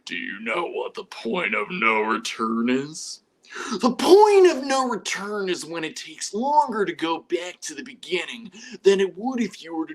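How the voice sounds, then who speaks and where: A man doing a slow, menacing phone hostage-taker. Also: on the high side, rough recording.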